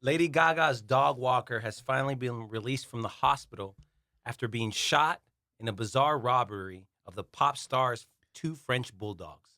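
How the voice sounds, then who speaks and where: A man co-hosting a comedy podcast who laughs often and reads headlines haltingly. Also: mid-range voice, pushed and bright, no echo, studio quality. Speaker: co-host reading headlines. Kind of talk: casual comedic banter.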